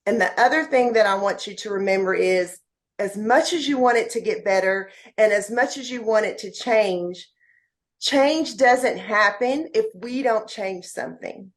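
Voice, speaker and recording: A woman's voice: mid-range voice, a little slow. A woman guest on a podcast, speaking heartfelt and motivational words straight to the listeners. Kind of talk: podcast interview.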